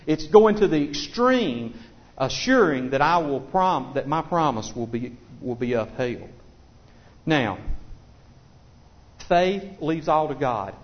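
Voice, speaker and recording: A man's voice: fairly high pitch, animated, takes it slowly. A man preaching a sermon in a conversational, folksy way, often repeating himself as he restarts phrases. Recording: dull lo-fi recording.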